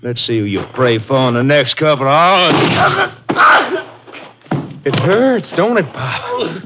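Young radio-drama killer, gloating and cackling, fairly high, hissy lo-fi broadcast. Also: male voice, animated, slow pace. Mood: sadistic. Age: young adult. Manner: mocking, cackling taunts. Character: sadistic young male cop killer. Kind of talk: 1950s radio drama acting. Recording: muffled old radio broadcast with hiss.

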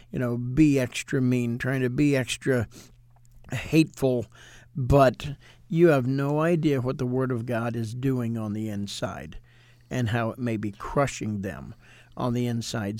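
Animated preacher man, dry sound. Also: medium pitch, no echo. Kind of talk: casual ministry discussion.

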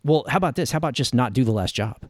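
A man's voice: medium pitch, lively intonation, racing, darkish tone, dry recording, studio quality. A man co-hosting a casual podcast, wry and laid-back as he picks apart a movie's plot. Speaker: podcast co-host. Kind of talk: casual movie-riff chat.

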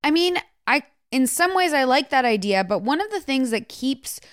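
A woman's voice: high-pitched, sing-song, normal speed, clean tone, no echo, clean studio sound. A woman co-hosting a casual podcast, speaking firmly and from the heart, with plenty of likes and restarts. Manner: firm, heartfelt, talks with many likes and restarts. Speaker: podcast co-host.

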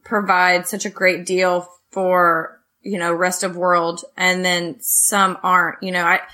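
A woman's voice: fairly low pitch, flat delivery, slow pace, sharp tone. A woman co-hosting a casual board game podcast, talking in an enthusiastic, chatty way. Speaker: podcast co-host. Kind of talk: casual chat about board games.

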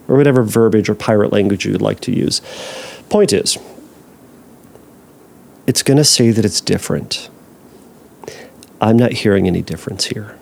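A man hosting a podcast, answering a listener's question in a casual, animated way, acting out anxious thoughts and making jokey asides. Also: fairly low pitch, normal speed, creaky, pauses often. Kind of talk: casual advice talk.

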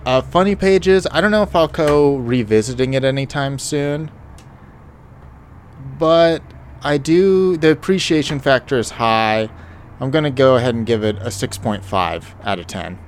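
A man's voice: medium pitch, measured pace, a little hiss or hum. A man co-hosting a podcast, rambling and joking between fillers as he reviews movies. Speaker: podcast co-host. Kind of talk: casual podcast chat.

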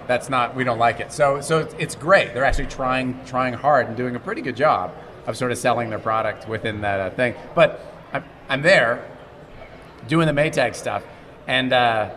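A middle-aged actor from Montreal, Canada, is interviewed as a guest in a convention hall, telling casual, animated stories. His pitch sits in the medium range, he restarts sentences and acts out the quotes, and a little hiss or hum runs under the recording.

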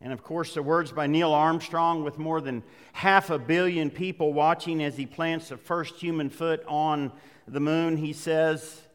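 Male pastor, smooth resonant voice, preaching in a big echoing sanctuary. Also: fairly high pitch, fairly even intonation, measured pace. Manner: conversational, with emphatic rising passages. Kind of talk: sermon. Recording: long hall reverb.

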